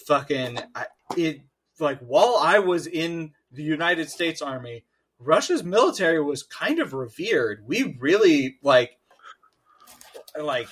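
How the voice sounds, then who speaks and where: A man's voice: fairly high pitch, a bit bright, husky. A man in his thirties, a podcast co-host, rambling in casual chat with plenty of fillers and the odd swear.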